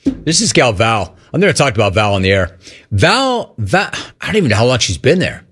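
Animated ranting male radio host. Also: fairly quick, slightly rough. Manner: animated, ranting, mocks cheerful greetings in a high voice. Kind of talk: radio call-in show banter.

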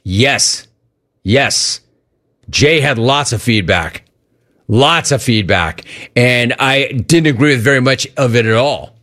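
A middle-aged man hosting a sports talk show, answering listener questions in a casual, animated way that acts out remembered conversations. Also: medium pitch, takes it slowly.

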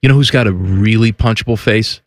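A man's voice: fairly low pitch, a little fast, dry recording. A man co-hosting a radio show, chatting in a playful, joking way. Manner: playful, jokey, slips into silly impressions. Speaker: radio co-host; father. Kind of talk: casual radio banter.

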